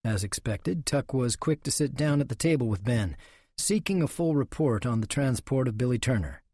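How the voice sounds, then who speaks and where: A man narrating a western audiobook in a steady, unhurried way. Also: mid-range voice, breathy edge, no room sound, studio quality.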